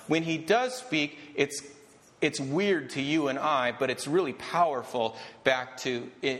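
A man preaching a sermon as a pastor, talking conversationally with rambling asides and getting excited as he goes. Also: fairly high pitch, big-room sound.

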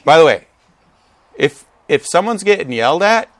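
A man preaching a sermon to his congregation. He is animated and joking, and acts out quotes with big jumps in pitch. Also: moderate pace, no echo. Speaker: pastor. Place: church gathering with a live congregation.

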